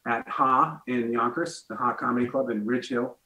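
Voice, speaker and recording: A man's voice: mid-range voice, normal speed, pushed and bright, reverberant, a little hiss or hum, low-quality recording. A man, a guest comedian telling a story on a talk show and acting out the voices in it.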